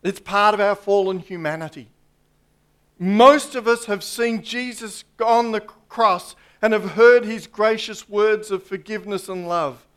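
A man delivers a sermon in a fairly high voice. He takes his time, weighing each phrase with long pauses, and often sinks to a hush at the end of a point. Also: smooth. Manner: slow, emphatic preaching with dramatic pauses and drops to a hush. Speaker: preacher.

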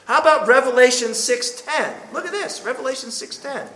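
A high-pitched man preaches in an emphatic, punchy way and tosses in joking asides. His voice rings around an echoey church room. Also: expressive, fairly quick, pushed and bright. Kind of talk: sermon.

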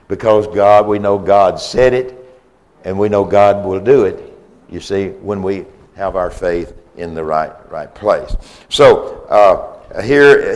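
A man preaching a sermon with a Southern US accent, earnest and repetitive, restarting phrases for emphasis. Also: lowish voice.

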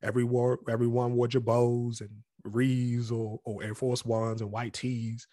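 An adult man past college age, raised in the Capitol Heights area near Washington, D.C., tells his story as an interview guest, reflective and candid, often acting out other people's voices. His medium-pitched voice is flat, unhurried and mellow, in a dry, studio-quality recording.

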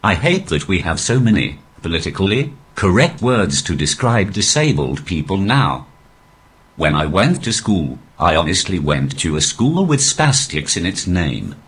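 A male stand-up comedian talking through a posh, robotic text-to-speech voice with a deadpan, even delivery. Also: low voice, a little slow, slightly rough. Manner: deadpan, evenly paced delivery. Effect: synthetic text-to-speech voice. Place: live comedy venue.

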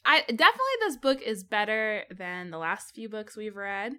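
A woman's voice: medium pitch, lively intonation, moderate pace, sharp tone. A woman co-hosting a podcast in casual chat, bubbly and playful, laughing often. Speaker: podcast co-host.

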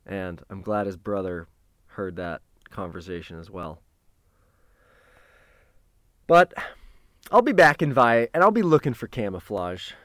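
A man's voice: fairly low pitch, a little slow, pauses often, dry recording, studio quality. A man hosting a podcast, telling a story casually and acting out quotes in a raised voice, with casual swearing. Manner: animated, acts out quotes in a raised voice. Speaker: podcast host.

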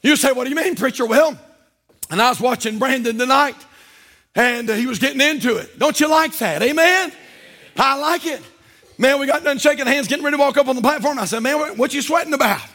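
A man preaching in a church with a very high, bright, ringing voice. He builds to fervent shouts, then drops into low asides to the congregation. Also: fairly quick. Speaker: pastor. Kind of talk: sermon. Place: church sanctuary.

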